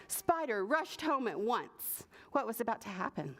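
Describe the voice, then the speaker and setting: A woman, a children's librarian, reading a picture book at preschool story time, expressive and stopping to ask the children questions. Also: a little high, normal speed.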